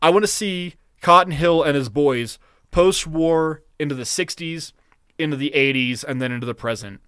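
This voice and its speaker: A man chats casually as a podcast co-host, rambling and cursing freely as his thoughts run ahead of him. His voice sits a bit high for a man. The sound is dry, with no room around it. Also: moderate pace, clear, resonant tone, dry recording. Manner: rambling, profane, excitable. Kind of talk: casual chat.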